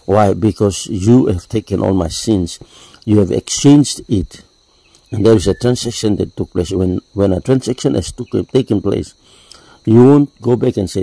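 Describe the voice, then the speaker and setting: A man preaching a sermon, explaining step by step with frequent "you see" and a deliberate delivery. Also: fairly low pitch, gravelly, mellow, no room sound, poor audio.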